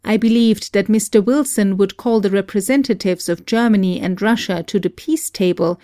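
A woman narrates a memoir in a steady, earnest reading voice that grows argumentative in places. Her pitch is an ordinary middle for a woman. The sound is close and dry, with no room echo. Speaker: audiobook reader.

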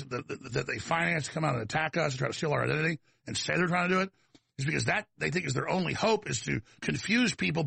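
A man's voice: a little high, creaky, pushed and bright, slightly rough, no room sound. A man with a Texas accent delivering a combative, emphatic talk-show monologue to his audience.

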